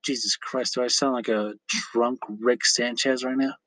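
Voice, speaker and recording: A man's voice: medium pitch, fairly even intonation, normal speed, pushed and bright, dry recording, poor audio. A man hosting a casual solo podcast on a phone mic, rambling, swearing freely and laughing often. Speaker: podcast host. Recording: dry phone recording.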